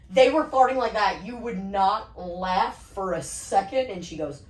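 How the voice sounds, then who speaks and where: A woman's voice: medium pitch, a little slow, few pauses. A woman co-hosting a podcast in casual chat, telling stories with swearing and frequent laughter. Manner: storytelling, swearing, laughing often. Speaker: podcast co-host. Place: comedy club green room. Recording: roomy room with faint background noise.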